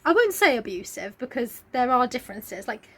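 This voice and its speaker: A young woman co-hosting a podcast, chatting casually and retelling scenes with quick acted asides. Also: fairly high pitch, sing-song, a bit bright, husky. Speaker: podcast co-host. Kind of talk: casual chat.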